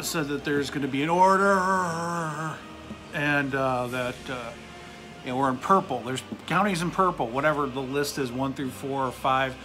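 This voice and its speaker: An American vlogger with a bright, forceful mid-range voice rants angrily to camera, profane and sarcastic as he vents.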